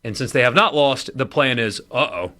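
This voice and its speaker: A man co-hosting a casual sports talk radio show, with a lively, animated delivery. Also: mid-range voice, moderate pace. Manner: animated, lively inflection, runs winner and loser segment.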